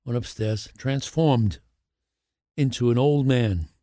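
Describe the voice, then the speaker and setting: An older man, a guest actor on a podcast, telling lively anecdotes and acting out the voices of the people in them. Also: medium pitch, slow, no room sound, studio quality. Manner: animated anecdotes, acting out the other voices in his stories. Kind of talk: podcast interview storytelling.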